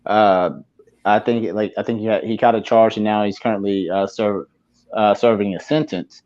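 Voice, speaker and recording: A man calling in to a talk show while on the move, speaking haltingly with many fillers and restarts. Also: fairly low pitch, fairly even intonation, darkish tone, muffled recording. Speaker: caller. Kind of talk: casual call-in talk.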